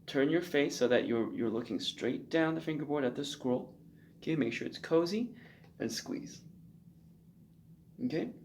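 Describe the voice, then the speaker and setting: A man giving a spoken violin lesson, loose and conversational, often checking in with a quick "okay?". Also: fairly high pitch, expressive, darkish tone, a little hiss or hum. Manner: loose and conversational, frequent ums and check-in okays. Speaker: violin teacher. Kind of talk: spoken instruction with demonstration.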